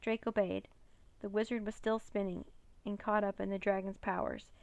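Gravelly-voiced woman reading a storybook. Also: medium pitch, moderate pace. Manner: steady, plain reading. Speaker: narrator. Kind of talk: storybook read-aloud.

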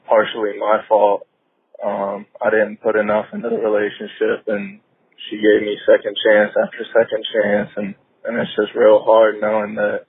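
Male caller from North Carolina, husky and flat, tinny phone line, choked up and halting. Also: lowish voice, no echo. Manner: hesitant, halting with many fillers. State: choked up, fighting tears.

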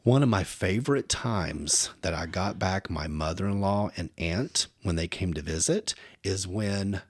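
A man, co-hosting a podcast and telling animated stories, acting out voices as he goes. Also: low-pitched, measured pace, slightly rough, no echo, clean studio sound. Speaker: podcast co-host. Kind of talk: casual storytelling chat.

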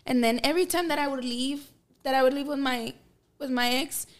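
A woman guest on a podcast, telling a story in a blunt, profane, animated way. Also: sits high, fairly quick. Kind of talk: casual storytelling.

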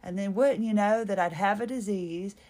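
A woman's voice: mid-range voice, normal speed, a little mellow. A woman hosting a solo podcast, chatting in a rambling, nostalgic, self-mocking way and trailing off mid-thought. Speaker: podcast host.

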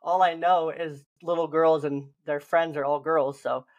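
A young man co-hosting a podcast, chatting casually and acting out gentle reassuring lines to a lost child. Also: on the high side, level tone, unhurried. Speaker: podcast host. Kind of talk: casual chat.

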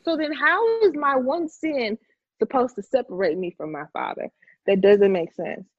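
A woman's voice: on the high side, lively intonation, normal speed, no echo. Woman chatting about faith on a podcast, emphatic, kinda muffled and dry. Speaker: podcast co-host. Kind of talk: casual faith talk.

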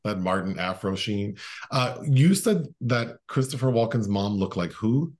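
A man with a somewhat low voice co-hosts a podcast in casual chat about a movie. He jokes a lot and laughs easily. His talk is loose and full of "like" fillers. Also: lively intonation, unhurried, darkish tone. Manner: joking, laughs often, many "like" fillers. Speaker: podcast co-host.

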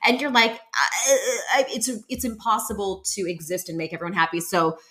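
A woman's voice: medium pitch, animated, moderate pace, sharp tone. A woman hosting a podcast interview, speaking in an earnest, supportive way. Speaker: podcast host. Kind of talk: casual interview chat.

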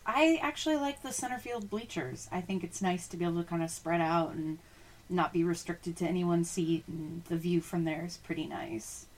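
A woman's voice: fairly low pitch, moderate pace. A woman hosting a casual sports podcast, chatty, laughing easily and reading out listener questions. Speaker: podcast host.

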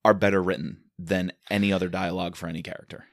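A man with a very low voice talks through his take on a book series in a relaxed, opinionated way. The recording is dry and close-miked. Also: fast talker, dry recording. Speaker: podcast host. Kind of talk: casual book discussion.

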